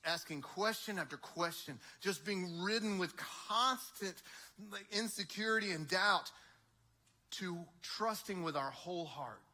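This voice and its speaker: A young man preaching an energetic youth sermon, acting out voices in quick back-and-forth dialogue. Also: sits high. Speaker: youth pastor.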